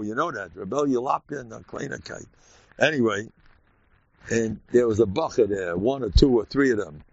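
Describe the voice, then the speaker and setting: A man with an American accent, a rabbi giving an informal, animated Purim talk full of stories and sudden shouts. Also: medium pitch, gravelly, dry recording, lo-fi sound.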